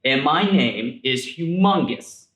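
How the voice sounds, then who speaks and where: A man voicing an enormous, hairy, greedy monster in a picture book, roaring and booming his lines in an echoey room. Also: expressive, takes it slowly, fairly bright tone, far from the mic. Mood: growly boastful.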